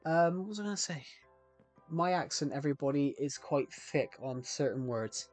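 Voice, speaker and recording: A man's voice: on the high side, expressive, normal speed, a little mellow, soft background music. A young man with a West Country accent, chatting casually on a live stream, rambling and repeating himself with frequent restarts. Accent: West Country English.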